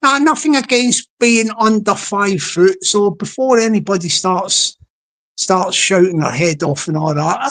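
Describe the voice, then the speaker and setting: A woman's voice: medium pitch, a little slow, fairly bright tone. A woman chatting casually on a livestream, rambling and repeating herself as she talks to viewers. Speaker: live streamer.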